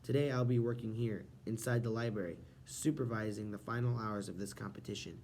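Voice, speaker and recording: A man reading an audiobook, voicing a playful, theatrical older gentleman who speaks grandly and deliberately. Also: lowish voice, steady tone, slight background noise, natural voice.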